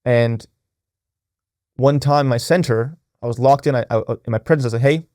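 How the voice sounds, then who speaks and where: A man's voice: steady tone, moderate pace, mellow, dry recording, clean studio sound. A young adult man hosting a podcast, earnest talk on relationships and spirituality with many restarts and "right?" tags. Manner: acts out quoted voices in a raised pitch. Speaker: podcast host.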